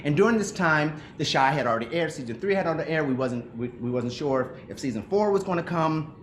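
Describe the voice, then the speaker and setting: A middle-aged male actor, a guest on a remote video call, talks fast and animatedly in a slightly high voice, with roomy sound and a little hiss or hum. His reflective interview talk is earnest and emotional, and he often restarts his sentences.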